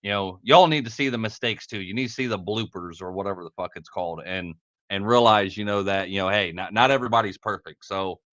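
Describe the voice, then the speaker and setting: A man's voice: fairly low pitch, quick pace, fairly bright tone, lo-fi sound. Swearing, laughing podcast man. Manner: swears a lot, laughs off his own mistakes. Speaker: podcast host. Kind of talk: casual live podcast talk.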